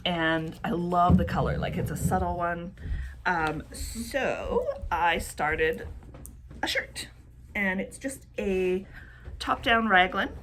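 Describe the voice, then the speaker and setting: Woman podcast co-host, chatty, a bit low, faint background noise. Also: slow pace. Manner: chatty, laughs often. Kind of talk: casual chat.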